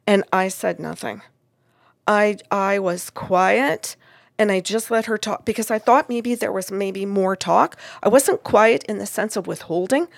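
Gravelly-voiced woman telling a story. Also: mid-range voice, unhurried, dry recording. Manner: recounts at length, acting out what people said. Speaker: medium recounting a reading. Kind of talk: conversational storytelling.

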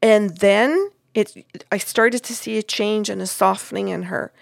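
A woman with a gravelly, creaky voice tells a long story in conversation and acts out the lines of each person in it. She talks as a medium. The sound is dry and close. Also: medium pitch, unhurried, no room sound. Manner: recounts at length, acting out what people said. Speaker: medium recounting a reading.

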